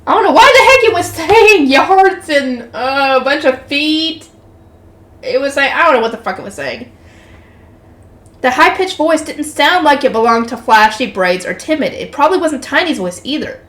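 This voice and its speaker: A woman's voice: high-pitched, expressive, normal speed, a bit bright. A woman reading a light novel aloud for her channel, breaking off into chatty, swearing asides. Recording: roomy echo.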